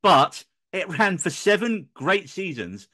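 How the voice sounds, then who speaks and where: A man's voice: high-pitched, sing-song, slow pace, pushed and bright. A man hosting a casual podcast chat, joking around and swearing for comic effect. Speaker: podcast host.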